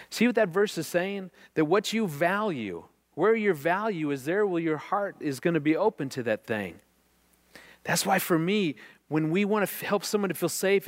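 Earnest middle-aged man, fairly high voice. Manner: earnest, animated storyteller who repeats words when excited. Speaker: marriage speaker. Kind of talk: faith-based teaching talk with storytelling.

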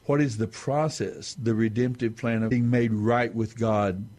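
A man explaining scripture on a talk show in a halting, measured way with many restarts. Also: mid-range voice, fairly even intonation, darkish tone. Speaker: Bible teacher on a talk show. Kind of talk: unscripted Bible discussion.

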